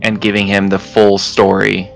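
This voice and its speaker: A man playing his character in a tabletop game, speaking deliberately and earnestly. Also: lowish voice, monotone, creaky, fairly bright tone, soft background music. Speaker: player. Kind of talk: tabletop role-play.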